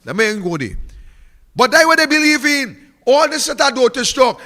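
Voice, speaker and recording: A man's voice: very high-pitched, very animated, moderate pace, pushed and bright, in a large hall. A Trinidadian man giving a fiery, mocking political speech, repeating phrases for emphasis.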